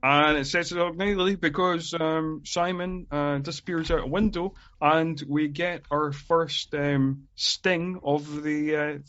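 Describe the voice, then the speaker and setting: A man's voice: fairly high pitch, steady tone, measured pace, hardly any pauses, a bit bright, muffled recording. A man co-hosting a podcast, chatting casually about a film with frequent ums and uhs. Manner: hesitant, many ums and uhs. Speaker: podcast co-host.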